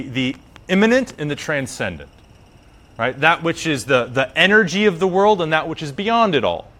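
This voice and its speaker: A man telling a story in a casual, slangy way as a yoga teacher, acting out the characters. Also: mid-range voice. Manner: slangy, animated, acts out characters.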